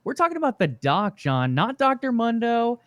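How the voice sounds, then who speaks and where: A man co-hosting a gaming podcast, giving relaxed, casual commentary on esports news. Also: extremely high pitch, moderate pace, no room sound. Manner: relaxed, talks through news at length. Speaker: podcast co-host.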